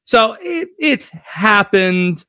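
A slightly high-voiced male sports radio host who talks in a playful, self-mocking way. His voice is close and dry, with no room sound around it. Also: drawn-out words, no room sound. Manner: jokey, self-deprecating, animated. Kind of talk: casual sports radio chat.

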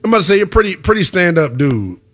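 A male sports radio host, a touch higher-pitched than most, talks football with emphatic, conversational energy. He leans on his points and sounds sure of his views. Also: sing-song, fast talker, fairly bright tone. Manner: emphatic, conversational, calls people brother.

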